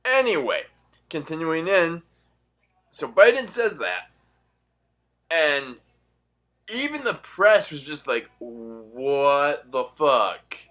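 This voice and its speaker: A young man ranting in a profane, sarcastic monologue, swinging between loud outbursts and muttered asides. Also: a little high, sing-song, takes it slowly, pauses often. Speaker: political commentary vlogger.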